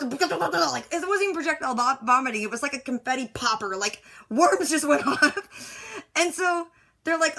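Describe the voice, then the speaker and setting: A woman's voice: sits high, expressive, normal speed, pushed and bright. A woman rambling through an exasperated, casual rant that recaps a movie, with lots of "like" fillers. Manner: exasperated, rambling, heavy use of "like". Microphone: device recording her side of a phone call.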